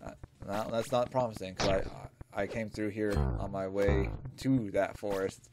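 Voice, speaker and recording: A man commenting as he plays a video game, excitable and jokey, talking back to the characters on screen. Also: lowish voice, moderate pace. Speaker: gaming video host. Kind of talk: let's play commentary. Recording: faint music behind.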